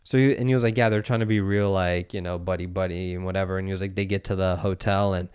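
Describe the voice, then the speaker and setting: A man's voice: low-pitched, fairly even intonation, fast talker, a little mellow, clear, resonant tone, no echo, studio quality. A man in his thirties in casual podcast chat, telling a story animatedly and acting out the voices of the people in it.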